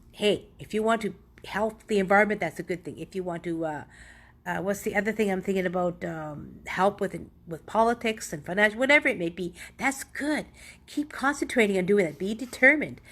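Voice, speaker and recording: A woman's voice: medium pitch, fairly bright tone. A middle-aged woman talking casually and earnestly through motivational tips, often rambling and correcting herself. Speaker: motivational vlogger.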